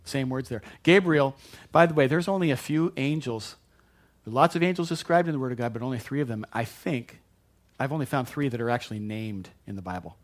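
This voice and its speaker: A man's voice: mid-range voice, fairly quick. A man preaching a sermon in a conversational, joking way, often repeating and restarting his words. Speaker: pastor.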